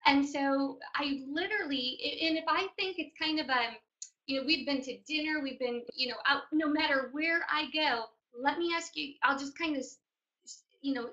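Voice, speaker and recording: Brief: woman in her 40s, mentor, high and bright, storytelling training talk, dull lo-fi recording. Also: moderate pace. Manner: chatty storyteller, addresses audience directly. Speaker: business mentor.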